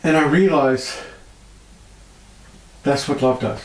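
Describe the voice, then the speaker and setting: Speaking slowly in a creaky voice, a healer tells stories during an interview, animated and emotional with frequent laughter. When moved, his voice rises high; the audio is poor and reverberant.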